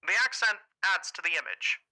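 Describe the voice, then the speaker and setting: A man's voice: high-pitched, animated, a little fast, sharp tone, heavily acted, rough recording. A man voicing a brash old-time radio ad announcer, talking in a pinched mid-range accent through an old radio filter. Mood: pitchman.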